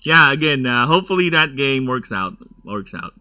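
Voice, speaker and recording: A man's voice: mid-range voice, big pitch swings, moderate pace, bright, forceful tone. A man giving casual, rambling gameplay commentary, going off on nerdy tangents and laughing often. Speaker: gameplay streamer.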